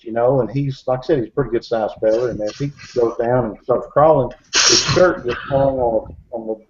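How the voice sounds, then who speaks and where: A man's voice: medium pitch, a little mellow. A man telling a story in casual talk, rambling with many fillers and restarts. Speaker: bigfoot researcher. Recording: dull recording with faint hiss.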